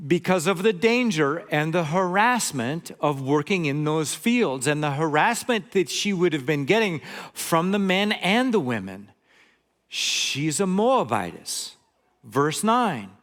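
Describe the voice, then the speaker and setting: A man's voice: fairly high pitch, a bit bright. An older man from Montana giving a conversational sermon as a guest preacher, reading scripture and adding joking asides.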